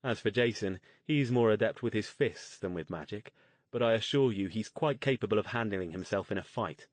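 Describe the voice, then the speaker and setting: A man's voice: lowish voice, no echo, close to an everyday voice. Man doing a composed formal mage. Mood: persuasive. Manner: measured, formal, polite.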